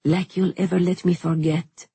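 A woman's voice: fairly low pitch, level tone, moderate pace, dark tone, breathy edge, no room sound. A woman voicing a stubborn, hot-tempered young woman with short, grumbling replies, in a storybook reading.

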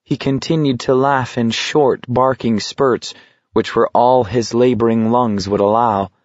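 A man reads an audiobook in a slow, deliberate, steady voice. The recording is close and dry, with no room sound at all. The sound is somewhat dull and lo-fi. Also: mid-range voice, no echo. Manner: measured, steady reading. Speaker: narrator. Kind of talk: audiobook narration.

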